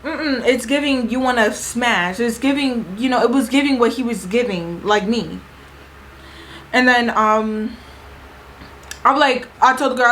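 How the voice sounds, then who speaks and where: This rough recording, marked by slight hiss or hum, captures a young woman with a fairly high pitch chattering through a party story for her casual vlog. She's animated and slangy, imitating what people said.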